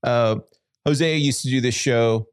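A man's voice: mid-range voice, measured pace, smooth, dry recording, clean studio sound. A man hosting a casual podcast, easygoing and encouraging, talking loosely with many fillers. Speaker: podcast host.

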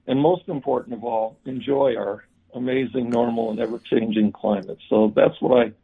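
A man being interviewed about his book, talking haltingly with many restarts and fillers. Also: medium pitch, fairly even intonation, gravelly, husky. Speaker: book author guest. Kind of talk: remote interview. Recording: tinny phone-like line.

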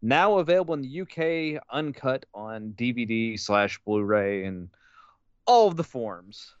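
A man's voice: medium pitch, animated, unhurried, clean tone, no echo, dull audio. A man co-hosting a casual podcast, sardonic and profane, sometimes reading aloud from a book. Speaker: podcast co-host.

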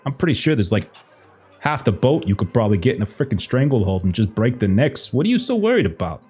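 A man's voice: medium pitch, very animated, quick pace, a little mellow, husky. A man voicing a blunt, menacing male mobster boss who talks crudely and bullies the people around him. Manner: brash, crude, bullying.

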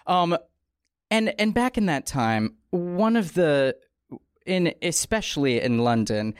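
A woman hosting a comedy podcast in a studio, with a raspy, strained throat, telling a story in a playful, rambling way full of asides. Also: sits low, darkish tone, dry recording. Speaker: podcast host.

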